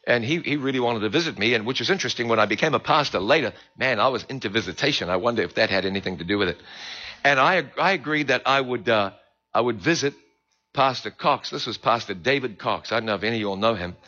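A man with a New Zealand accent, a preacher telling his conversion story in an animated storytelling manner. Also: medium pitch, quick pace. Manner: animated, swings between hushed and loud. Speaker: preacher giving his testimony. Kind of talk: sermon storytelling. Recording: dull lo-fi recording.

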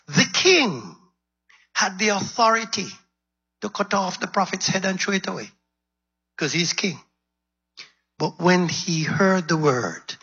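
A man preaching a sermon, retelling a story dramatically and acting out its quotes in a husky voice. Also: sits high, lively intonation, measured pace, pauses often, pushed and bright. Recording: dull lo-fi recording.

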